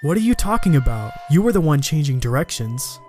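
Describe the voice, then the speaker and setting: A man's voice: on the high side, big pitch swings, brisk, a little mellow, soft background music. A man voicing a rattled young friend. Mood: shaken. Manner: rattled, explaining in a rush.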